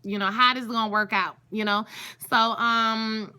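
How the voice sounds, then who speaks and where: A woman talks through a TV episode in a loose, chatty vlog. Her voice sits a little high and rings bright and forceful. She gushes freely and keeps turning to her viewers. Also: steady tone, normal speed, smooth. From Louisiana. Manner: chatty and gushing, often calls out to viewers. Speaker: TV show reviewer. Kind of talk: casual recap vlog.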